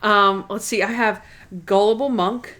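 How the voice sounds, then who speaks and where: A woman's voice: mid-range voice, fairly even intonation, a little slow, a bit bright. A woman co-hosting a podcast in casual chat, eager and full of fillers. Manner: chatty, many fillers, eager. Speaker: podcast co-host.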